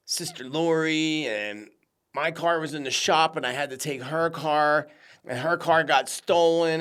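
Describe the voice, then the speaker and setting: Chatty man hosting a psychic show. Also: medium pitch. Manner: chatty, animated, addresses listeners as friends. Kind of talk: casual monologue to viewers.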